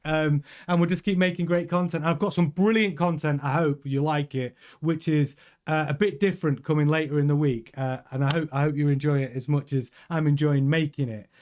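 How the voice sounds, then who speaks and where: A man's voice: fairly high pitch, steady tone, fairly quick, a little mellow. A man hosting a casual news commentary show, chatty and rambling with many restarts and fillers.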